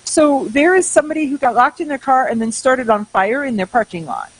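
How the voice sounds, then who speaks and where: Sarcastic woman talk radio host with a husky voice, animated banter. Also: high-pitched, a little fast, low-quality recording.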